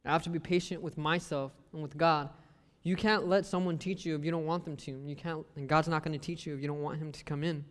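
Talking fast in a steady, slightly high voice, a young lay preacher gives a casual sermon that blends scripture with joking stories about his family, which he acts out. It's conversational, and his words ring with the long reverb of a hall.

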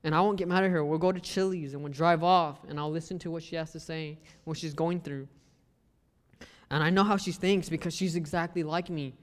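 A young man with a drawl talks through a sermon like a conversation, quoting scripture and dropping joking asides. His voice sits fairly high for a man. It rings out in a hall with long reverb. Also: fairly even intonation, brisk. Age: young adult. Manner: conversational, joking asides, acts out family quotes. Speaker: lay preacher. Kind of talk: casual sermon talk with scripture.

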